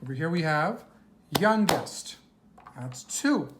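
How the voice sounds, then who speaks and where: A woman with a low voice reads a worksheet to young children at an unhurried pace. She asks patient questions and answers them herself. A faint hiss sits under the recording. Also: lively intonation. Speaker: teacher.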